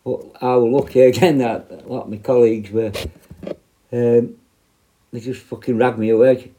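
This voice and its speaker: A middle-aged man, a prison officer telling stories in a blunt, swear-heavy, animated way. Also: mid-range voice, normal speed. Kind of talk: casual storytelling monologue.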